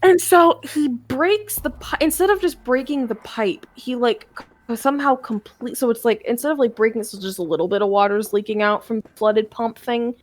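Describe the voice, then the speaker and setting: A woman's voice: a little high, moderate pace. A young woman chatting on her stream as she tells a long story from her life. She rambles and swears freely, restarting sentences as she goes. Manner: rambling, profane, with frequent restarts. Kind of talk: casual storytelling chat.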